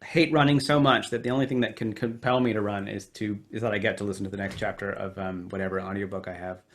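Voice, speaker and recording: Author guest, American man, nasal, halting with fillers, video call. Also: fairly low pitch, fairly even intonation, slight background noise. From United States. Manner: hesitant, many fillers. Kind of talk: virtual event conversation. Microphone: home computer mic on video call.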